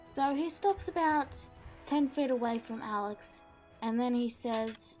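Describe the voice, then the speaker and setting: A woman runs a tabletop game, narrating in an unhurried way. Her voice sits slightly high. Quiet music plays beneath her. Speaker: game master.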